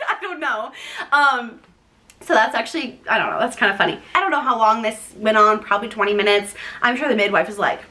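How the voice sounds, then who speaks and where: Young woman vlogging, chatty, kinda high bright voice, talks right to her viewers. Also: animated, fairly quick. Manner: chatty, addresses viewers as "guys". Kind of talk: casual storytelling to camera.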